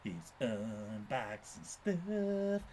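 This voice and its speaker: A man talks to his cat in a slow, unhurried drawl, his fairly high voice swinging up and down as he teases and jokes. He laughs often and keeps a loose, playful tone, with a faint hiss of background noise. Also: very animated, dark tone. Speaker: pet owner filming his cat. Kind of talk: casual talk to a pet.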